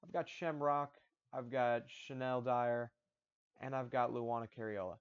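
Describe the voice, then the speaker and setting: A man's voice: medium pitch, steady tone, measured pace, smooth. A man hosting a fight-predictions channel, talking casually, repeating his picks and stumbling over restarts. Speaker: MMA predictions channel host. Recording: dull lo-fi audio.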